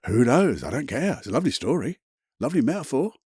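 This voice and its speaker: A man's voice: medium pitch, big pitch swings, fast, mellow, breathy edge, no echo, clean studio sound. A man hosting a self-help podcast, talking in a blunt, chatty, motivational way with the odd mild swear. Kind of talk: casual motivational monologue.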